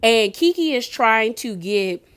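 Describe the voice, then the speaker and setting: A woman recapping a reality show episode in a casual, slangy, animated way, full of "like" and "girl". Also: a little high, slow, clear, resonant tone.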